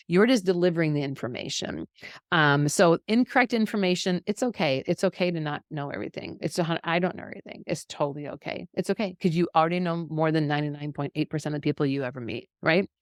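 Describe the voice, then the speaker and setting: A middle-aged woman teaches with warm conviction and bursts of laughter, her voice sitting on the lower side. The sound is dry and close, with no room around it. She talks in an animated, faith-filled way as a health educator. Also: dry recording. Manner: animated, encouraging, laughs often. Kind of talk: faith-based teaching talk.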